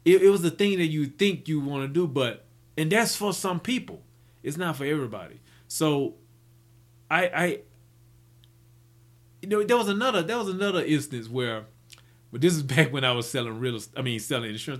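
A man's voice: on the high side, lively intonation, a little fast. A man telling stories from his business life in a rambling, casual way, full of restarts and fillers. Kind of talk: casual storytelling.

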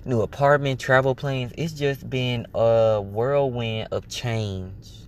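A man's voice: mid-range voice, slow, highs cut off, slight background noise. Candid, profane man podcasting solo. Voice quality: candid, swears freely, animated self-quoting. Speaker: podcast host. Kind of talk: casual personal monologue.

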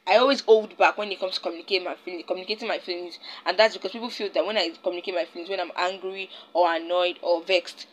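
Rambling Nigerian woman, lowish voice. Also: fairly even intonation, fast talker, hardly any pauses, a little hiss or hum, rough recording. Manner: rambling, searches for words and restarts often. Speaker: podcast host. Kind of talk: casual solo podcast monologue.

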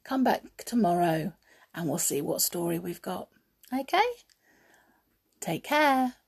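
Slow, breathy woman storyteller. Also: fairly low pitch, expressive. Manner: chatty, homely, laughing asides. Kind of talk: reading a children's story aloud.

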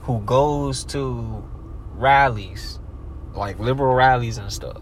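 A man's voice: medium pitch, takes it slowly, a little hiss or hum, rough recording. Slangy, rambling man in casual chat. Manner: slangy, rambling, swings from mumbling to loud bursts.

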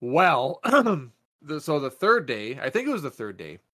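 A man co-hosting a podcast, telling a long story in a loose, profane way, padding it with "like" and acting out quotes in a raised voice. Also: measured pace. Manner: profane, animated storyteller with many "like" fillers; jumps up in pitch when acting out quotes. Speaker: podcast co-host. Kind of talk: casual storytelling chat.

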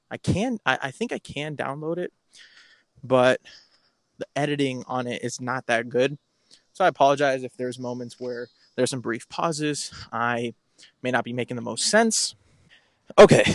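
A man's voice: medium pitch, no echo, studio quality. Rambling man podcasting on a walk. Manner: rambling, self-correcting and candid. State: slightly out of breath from walking. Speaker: podcast host. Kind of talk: casual walking monologue. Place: outdoors on a walk. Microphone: phone.

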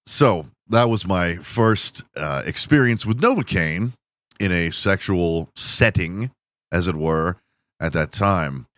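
A man's voice: sits low, slow, a bit bright, no room sound, studio quality. A man hosting a podcast, telling crude, self-mocking stories in a casual monologue. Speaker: podcast host.

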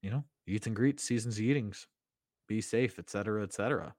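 A man's voice: fairly low pitch, brisk, a little mellow, no room sound, clean studio sound. A man co-hosting a podcast in casual chat, laid-back and jokey, with frequent um and uh. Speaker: podcast co-host.

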